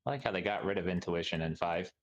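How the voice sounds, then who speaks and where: A man playing in a tabletop game, chatty and quick to poke fun at himself. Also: deep voice, highs cut off, a little hiss or hum. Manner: chatty, self-mocking. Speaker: player. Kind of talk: casual tabletop game chat.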